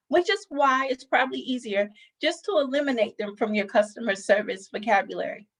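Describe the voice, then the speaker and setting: Woman giving a measured training talk. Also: on the high side. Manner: measured, explanatory, emphasizes key words. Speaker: customer service trainer. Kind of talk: instructional presentation.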